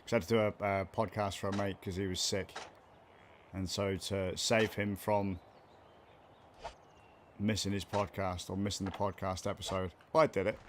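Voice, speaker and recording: A man's voice: deep voice, level tone, moderate pace, pauses often, a little hiss or hum. A man rambling and muttering to himself as he streams a video game late at night, swearing casually between thoughts. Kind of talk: casual gameplay stream commentary. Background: game music.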